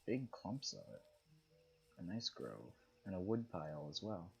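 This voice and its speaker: A young man giving relaxed, casual commentary while he plays a game, musing aloud and reading on-screen text. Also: low-pitched, measured pace, vocal fry, breathy edge, low-quality recording. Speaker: gaming streamer.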